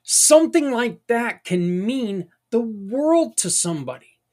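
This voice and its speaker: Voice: mid-range voice, very animated, takes it slowly, darkish tone. Podcast host, folksy, rambling, earnest and encouraging, casual monologue. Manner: folksy and rambling, with tangents and mild swearing.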